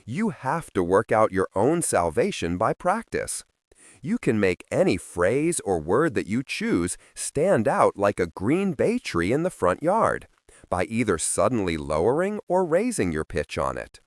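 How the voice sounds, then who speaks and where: A man's voice: on the low side, wildly swooping pitch, measured pace, no echo, studio quality. A man narrating a self-help audiobook in an emphatic, instructional reading style.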